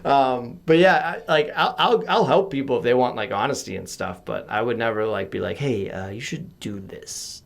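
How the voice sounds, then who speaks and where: A young man talks in a loose, rambling way, full of fillers and quick self-deprecating laughs. His voice sits at an everyday middle pitch. He sounds like a podcaster on a home mic during a remote call. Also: vocal fry. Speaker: podcast host as guest. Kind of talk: casual chat.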